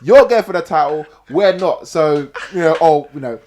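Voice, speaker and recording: A man hosting a casual sports podcast, arguing his point in an animated way. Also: on the high side, normal speed, a little hiss or hum. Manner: animated, argumentative, insists on finishing his point. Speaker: podcast host.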